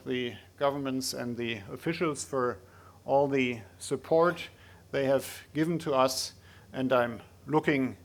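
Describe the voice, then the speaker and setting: A man making unscripted closing remarks at a conference, halting with frequent filler pauses. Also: mid-range voice, creaky. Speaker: conference speaker.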